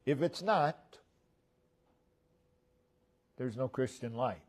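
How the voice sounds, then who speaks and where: A man preaching a sermon as pastor in a church, repeating key phrases with emphasis and letting phrase ends fall to a low murmur. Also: slow. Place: church sanctuary.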